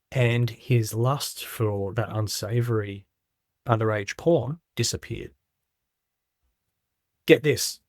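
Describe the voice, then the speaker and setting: A man's voice: medium pitch, dry recording, studio quality. A middle-aged man, a podcast guest, making his points with emphatic stories and rhetorical questions. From Australia. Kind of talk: casual podcast conversation.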